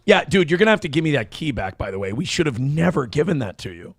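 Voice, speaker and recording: A man hosting a morning livestream show, reading donations in loud, crude, fast banter. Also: fairly high pitch, sing-song, slightly rough, no echo, studio quality, faint music behind.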